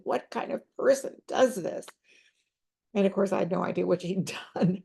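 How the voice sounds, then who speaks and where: A woman's voice: lowish voice, vocal fry, darkish tone, husky. An older woman counselor telling a story from her practice in a reflective, conversational way. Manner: reflective, unhurried, conversational with fillers. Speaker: counselor and teacher. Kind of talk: storytelling talk.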